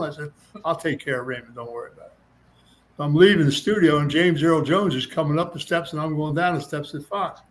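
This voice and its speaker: Older guy spinning old fight stories, does everyone's voices, slightly high-ish voice, bit of hiss behind. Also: quick pace, rough recording. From United States. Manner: animated raconteur, acts out other people's lines in raised voices, laughs often. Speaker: interview guest, former boxer and actor. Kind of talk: storytelling in casual interview.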